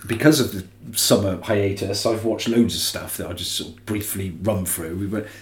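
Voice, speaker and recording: A man's voice: on the low side, steady tone, normal speed. A man co-hosting a podcast in casual chat, chatty and rambling, with plenty of restarts. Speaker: podcast co-host. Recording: roomy echo.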